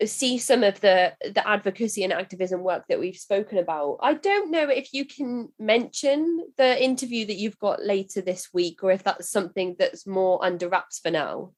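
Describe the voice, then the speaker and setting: A woman hosting a podcast interview, effusive and full of thanks. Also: mid-range voice. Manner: effusive, warmly thanking, some restarts. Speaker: podcast host. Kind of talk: interview talk.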